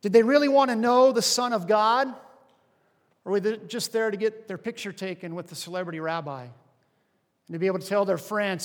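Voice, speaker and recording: A male pastor preaching a sermon with animated, rising and falling emphasis. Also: sits high, normal speed, in a large hall.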